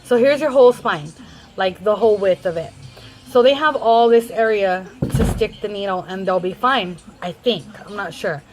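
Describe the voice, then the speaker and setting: A woman's voice: medium pitch, normal speed, music in the background, rough recording. A young adult woman vlogger rambling through a casual storytime in a chatty way.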